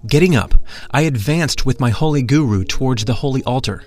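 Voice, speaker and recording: A man's voice: mid-range voice, animated, fairly quick, a little mellow, faint music behind. A man narrating a mystical first-person account in an earnest, reverent reading.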